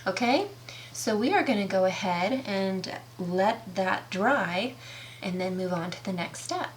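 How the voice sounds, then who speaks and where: A woman's voice: medium pitch, lively intonation, background noise. A woman demonstrating a craft project in a casual tutorial, chatty and enthusiastic, talking through each step. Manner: chatty, enthusiastic, slow and careful explaining.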